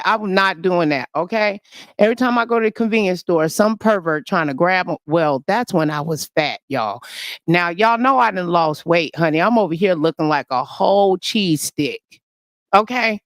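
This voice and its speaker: Woman host, brash and gossipy, mid-pitched voice, dry close sound. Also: fairly bright tone, no echo. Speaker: livestream host. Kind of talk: casual livestream rant.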